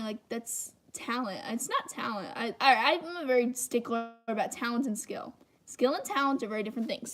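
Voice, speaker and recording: Chatty high-voiced teen girl. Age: teens. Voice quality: high-pitched voice. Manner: rambling, chatty, self-deprecating. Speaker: channel host. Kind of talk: casual livestream chat while drawing.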